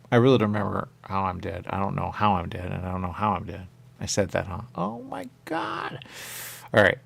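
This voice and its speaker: A man talking in a rambling, repetitive radio monologue, dropping to whispers and jumping to sudden high exclamations. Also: vocal fry. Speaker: radio host.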